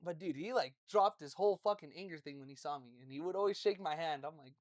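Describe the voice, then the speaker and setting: A man chatting casually on a podcast, telling stories in an animated way, swearing and laughing often. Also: fairly high pitch, fast talker, no echo, studio quality. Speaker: podcast co-host. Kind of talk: casual chat.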